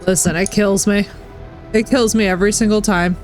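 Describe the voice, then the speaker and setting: A woman's voice: mid-range voice, steady tone, moderate pace, soft background music. A woman streaming a game, chatting casually and animatedly with friends and laughing often. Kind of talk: casual gaming stream chat.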